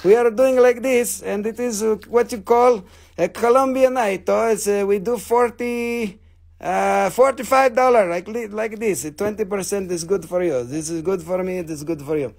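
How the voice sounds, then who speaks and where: A man's voice: high voice, normal speed, gravelly, darkish tone, voice pushed up. A man doing a pushy haggling street vendor. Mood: wheedling. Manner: broken English, heavy sales patter.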